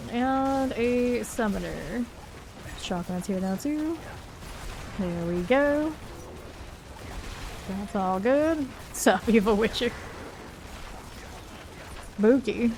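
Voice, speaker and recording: Against a noisy background, a woman of medium pitch comments casually on the game she's streaming. She talks freely with viewers, reads the chat aloud, and often breaks into laughter.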